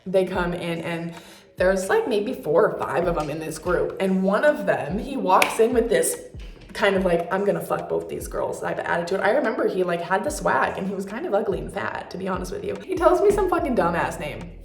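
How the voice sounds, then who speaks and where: A woman's voice: mid-range voice, animated, brisk, vocal fry, roomy sound, faint music behind. A young woman vlogger telling a story in a candid, profane, casual way with lots of fillers.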